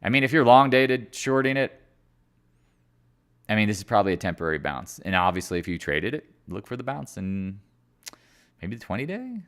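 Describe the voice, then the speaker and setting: A man's voice: lowish voice, big pitch swings, normal speed, pauses often, fairly bright tone. A man hosting a casual live market chat, rambling and joking as he walks through charts, sometimes laughing at himself. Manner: sings and mimics other traders in silly voices.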